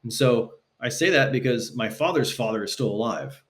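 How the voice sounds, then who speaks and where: Animated man telling stories on a podcast. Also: moderate pace. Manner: animated, acts out quotes with shifting pitch. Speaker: podcast guest. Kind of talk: casual conversational storytelling. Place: Los Angeles.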